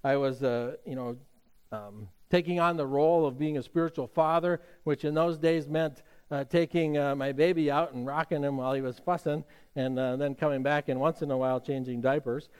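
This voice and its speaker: A man's voice: a little high, fairly even intonation, fairly quick, a little mellow, clean tone. A middle-aged man preaching a sermon as pastor, talking in a conversational storytelling way with frequent fillers and restarts.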